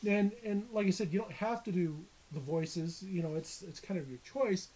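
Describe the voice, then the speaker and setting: A male dungeon master chats on a podcast in a dark, mellow voice. He talks haltingly and restarts his sentences often. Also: high voice, low-quality recording. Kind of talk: casual chat.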